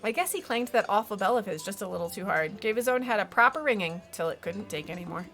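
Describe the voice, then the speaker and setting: Lady reading a dry unbothered witch from a game, bright lively voice. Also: medium pitch, fast, faint music behind. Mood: wry. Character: dry, unfazed witch heroine.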